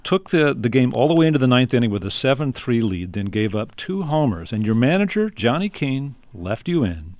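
A man hosting a radio interview, asking questions and reading measured, scripted introductions. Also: mid-range voice, sing-song, a little mellow, dry recording. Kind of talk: broadcast interview and narration.

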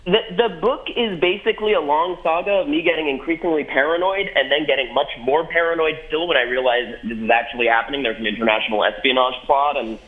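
A man's voice: fairly high pitch, fast talker, few pauses, narrow, tinny audio. A man being interviewed remotely as a guest, wry and self-deprecating, laughing often. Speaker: guest, journalist.

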